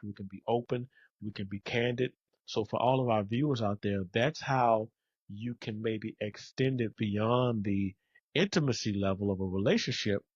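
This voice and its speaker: A man's voice: on the low side, slightly rough, no echo, highs cut off. A man hosting a podcast, talking in an earnest, reflective way and building his points in lists. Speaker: podcast host. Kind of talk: casual podcast conversation.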